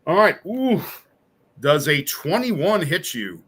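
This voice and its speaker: A man's voice: a little high, sing-song, takes it slowly, fairly bright tone, slight background noise. A man running a tabletop role-playing game as game master. He talks in a loose, chatty way, with fillers, and he laughs easily.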